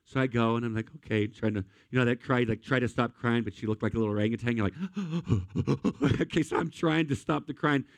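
A young man preaching a sermon, telling a story with lively energy and building to emphatic points. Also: mid-range voice, brisk, few pauses, no room sound. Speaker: pastor.

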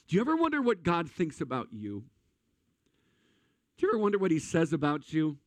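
Animated, joking male preacher. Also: mid-range voice, brisk, no room sound. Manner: animated comic storytelling. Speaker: pastor. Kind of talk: sermon.

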